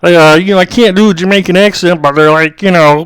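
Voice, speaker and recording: High, smooth-voiced young guy rambling. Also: steady tone, brisk, a bit bright, dry recording. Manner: rambling, says "dude" a lot. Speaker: co-host. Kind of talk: comedic storytelling.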